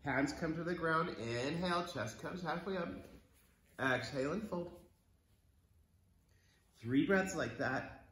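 A man's voice: fairly high pitch, slow, long pauses, fairly bright tone, roomy sound. A man leading a kids yoga class at home, encouraging and playful as he counts the breaths. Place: home room.

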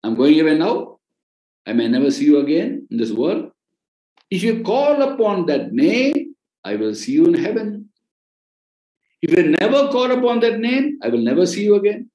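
A man's voice: high-pitched, very animated, moderate pace, mellow, reverberant, low-quality recording. A man with an Indian accent preaching in an earnest way, repeating key phrases for emphasis. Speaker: ministry president and preacher. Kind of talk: sermon-style teaching on a podcast.

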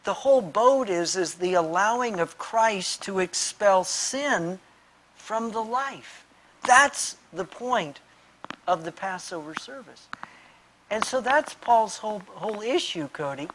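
A man speaking as a pastor, unhurried and deliberate as he works through a passage. He keeps addressing his interviewer by name, restarts phrases, and leans on plain everyday examples between quoted verses. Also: high voice, expressive, fairly bright tone, slight background noise, poor audio. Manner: explains with homely examples and quotes scripture. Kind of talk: answering questions in a Bible discussion.

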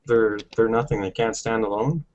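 A man with a fairly low voice teaches a relaxed language lesson, slowing down to sound out syllables and pausing to think. The recording is muffled and lo-fi. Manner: patient, explains step by step with many ums.

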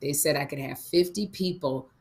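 A woman co-hosting a casual comedy livestream, telling a story in an animated way and acting out other people's voices. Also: low-pitched, moderate pace. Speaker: co-host.

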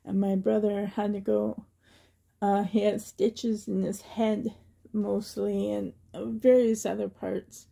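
A woman's voice: mid-range voice, little pitch movement, slow, creaky, warm tone, breathy edge. A woman from Canada vlogging in a chatty, rambling way, often laughing and getting emotional. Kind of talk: casual chatty tag video.

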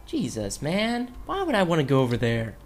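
A man's voice: fairly high pitch, huge pitch swings, normal speed. A young man giving rambling, joking commentary while playing a video game, chatting to the characters on screen. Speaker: gaming YouTuber. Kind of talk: let's play commentary. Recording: game music behind the voice.

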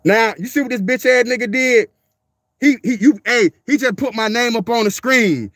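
A man's voice: extremely high pitch, moderate pace, a bit bright, dry recording, clean studio sound. A man, a dog breeder ranting on a livestream in a profane, confrontational way, repeating himself as he calls out a viewer. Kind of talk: livestream rant.

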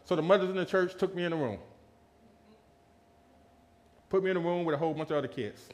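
A man preaching a lively sermon, telling a personal story and acting out quotes with laughter. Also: fairly high pitch, rapid-fire, highs cut off. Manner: animated, laughing, acts out quotes in a raised voice.

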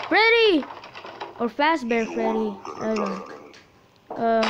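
A woman giving excitable reaction commentary full of gasping exclamations while watching a video. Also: on the high side, dull audio, noisy background. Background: loud music from the watched video.

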